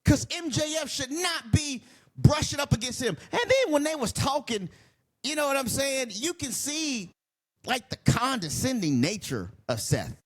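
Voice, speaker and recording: Vlogger, male, heated profane rant, high voice that swings widely. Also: big pitch swings, normal speed, a bit bright. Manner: heated, profane, rambling and repetitive. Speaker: wrestling commentary vlogger. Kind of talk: casual ranting video commentary.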